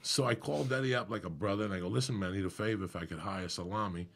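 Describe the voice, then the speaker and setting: A middle-aged man, a comedian guest, telling a profane, animated story in casual podcast chat. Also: fairly low pitch, racing. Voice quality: gravelly, husky.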